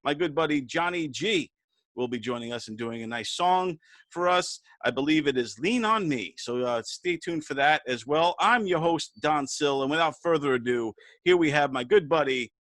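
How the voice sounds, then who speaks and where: A man hosting a comedy show from home, upbeat and excitable, rattling off the intro at speed. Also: fairly high pitch, normal speed, dry recording. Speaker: host. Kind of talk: casual chat on a comedy show. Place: home, remote.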